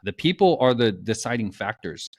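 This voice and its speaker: A man's voice: fairly low pitch, sing-song, moderate pace, background noise. A man co-hosting a casual podcast, incredulous and loose, saying bro and dude and laughing often. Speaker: podcast co-host.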